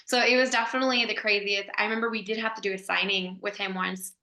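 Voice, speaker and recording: A woman's voice: medium pitch, steady tone, fast talker, pushed and bright, echoey room. A woman actress telling a story as a guest, chatty and full of "like" fillers, laughing as she goes. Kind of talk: animated anecdote storytelling.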